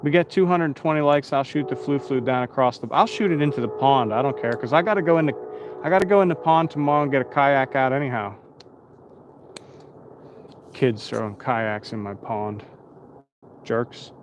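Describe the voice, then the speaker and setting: A man's voice: medium pitch, normal speed, pauses often, background noise. A tired man hosting a casual live stream outdoors at night, rambling and chatting with his viewers.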